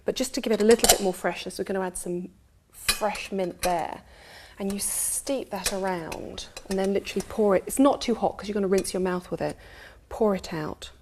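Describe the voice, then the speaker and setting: A British woman hosting a TV beauty slot, her voice sitting at an ordinary middle pitch. She talks through each step in a brisk, upbeat, instructive way, recorded in a studio kitchen with a faint hiss behind her. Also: darkish tone. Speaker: TV beauty presenter. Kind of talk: demonstrating a recipe on TV.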